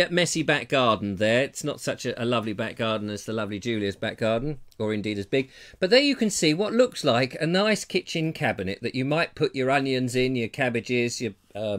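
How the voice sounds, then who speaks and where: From his terraced house, an English man with a medium-pitched voice hosts a live comedy talk show in the style of a casual livestream chat. He's chatty and jokey, often addressing viewers as ladies and gentlemen.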